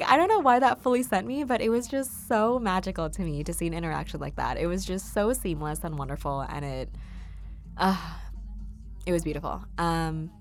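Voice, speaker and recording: A young woman hosting a casual solo podcast, chatty and full of ums as she tells stories. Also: low-pitched. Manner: chatty and warm, many ums, laughs while telling stories. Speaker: podcast host.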